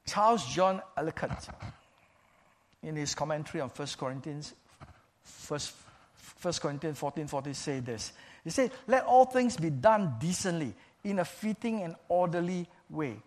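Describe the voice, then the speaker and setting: A man preaching a sermon in a measured, emphatic way, repeating key phrases for stress. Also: fairly high pitch, expressive.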